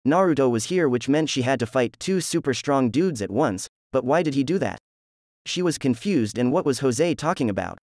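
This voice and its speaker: Male narrator, steady flat read, mid-pitched, dry close recording. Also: moderate pace, no echo. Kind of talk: reading fan fiction aloud.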